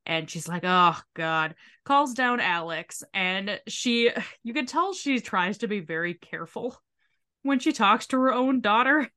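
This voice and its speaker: A woman co-hosting a casual podcast, recapping a reality show in an animated, profane way and acting out quotes. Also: on the high side, measured pace. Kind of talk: casual chat.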